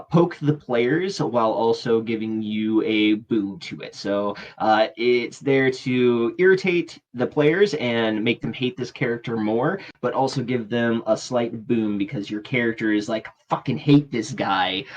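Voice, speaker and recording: Male game master, mid-pitched, relaxed and chatty, explaining rules with lots of uhs. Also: highs cut off. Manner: casual, many filler uhs.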